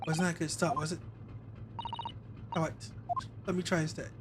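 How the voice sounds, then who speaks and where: A man's voice: fairly high pitch, fairly even intonation, normal speed, pauses often, very noisy. A man streaming a game, reading its dialogue aloud and cracking jokes between lines. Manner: playful, joking, reads lines in varied voices.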